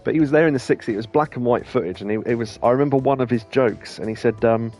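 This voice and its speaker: A man's voice: mid-range voice, fast talker, darkish tone, faint music behind. A man chatting casually over gameplay, rambling through stories with many restarts and laughs. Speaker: let's play host.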